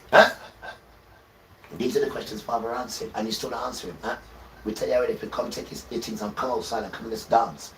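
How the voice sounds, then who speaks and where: A man preaching on a livestream, repeating himself, tagging "right?" onto his points and swelling loud when he reads scripture. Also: lowish voice, slight background noise. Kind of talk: impassioned religious livestream preaching. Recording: roomy echo, distant from the mic, faint background ambience.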